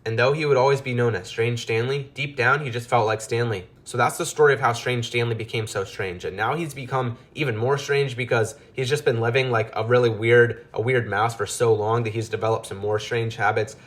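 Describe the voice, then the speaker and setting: A man's voice: medium pitch, steady tone, a little fast, hardly any pauses, fairly bright tone. A man narrating a storybook tale in a loose, rambling way, with casual asides.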